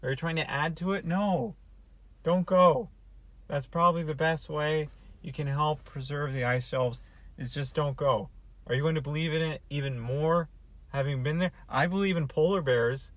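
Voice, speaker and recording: A man's voice: a little high, normal speed, a bit bright, dry recording. A man hosts a comedy monologue and rambles from one thought to the next with sarcastic asides. He speaks straight to the listener. His voice is recorded dry and close, with no room sound. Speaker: host.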